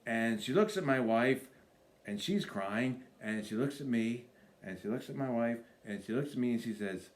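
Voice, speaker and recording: Animated man telling a comic story. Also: medium pitch, unhurried. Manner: animated storyteller, acts out voices. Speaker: stand-up comedian. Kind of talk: comic road story told to camera.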